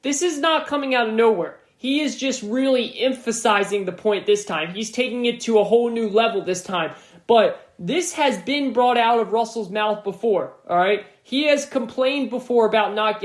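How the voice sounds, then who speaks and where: A man's voice: sits high, roomy sound. A man hosting a sports podcast alone, giving emphatic commentary and often repeating himself for stress.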